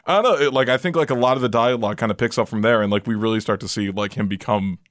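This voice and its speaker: A man's voice: lowish voice, racing, no room sound, clean studio sound. A man chatting casually about a movie, rambling with lots of fillers and restarts.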